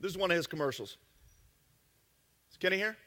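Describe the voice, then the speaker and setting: A man giving a live marketing seminar talk to an audience, joking and brash, tossing quick asides to the crowd. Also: high-pitched, expressive, sharp tone, in a large hall. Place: event room with an audience.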